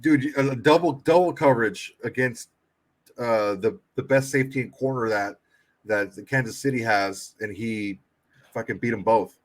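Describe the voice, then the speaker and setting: A man's voice: mid-range voice, moderate pace. Blunt, swearing man on a sports podcast. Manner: blunt and emphatic, swears heavily. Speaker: podcast co-host. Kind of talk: casual sports podcast chat.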